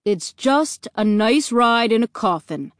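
A jovial, easygoing father who likes to tease his kids, as a woman reading a storybook puts him on. The delivery is slow and lively in its rise and fall, with a dry, close sound. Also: on the high side, no room sound. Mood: cheerful. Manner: jovial, teasing. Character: cheerful easygoing suburban dad.

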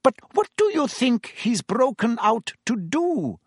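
A man voicing a gossipy, eager female innkeeper who asks breathless, high questions. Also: very animated, unhurried, slightly rough, no echo, clean studio sound, full character voice. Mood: anxious.

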